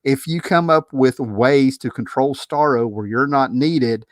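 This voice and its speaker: A man in the middle of his usual pitch delivers casual reaction commentary on a film. He rambles in an animated, exasperated way, restarting sentences and laughing to himself. His voice is close to the mic and completely dry. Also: unhurried, dry recording. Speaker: movie commentary video host.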